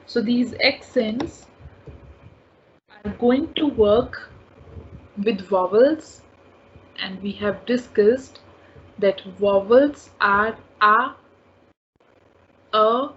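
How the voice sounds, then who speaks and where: This woman speaks very slowly, with long pauses, in a voice on the high side. Teaching a slow spoken French lesson, she patiently repeats each word and sound several times, and the dull lo-fi audio has faint ambient noise.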